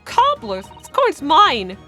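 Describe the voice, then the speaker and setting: A woman voicing a young pickpocket girl, who talks in a cheeky, gruff, streetwise way. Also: sits high, huge pitch swings, takes it slowly, bright, forceful tone, faint music behind, pitched above the performer's own voice, heavily acted. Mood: defiant.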